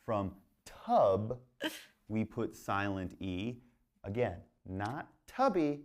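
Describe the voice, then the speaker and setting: A man teaching English pronunciation in a recorded lesson, talking in a very chill, monotone way. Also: lowish voice, drawn-out words.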